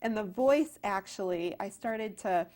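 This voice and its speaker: Animated woman telling stage stories. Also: mid-range voice, measured pace. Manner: animated storyteller, many restarts. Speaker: actress and playwright, guest. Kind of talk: casual interview chat.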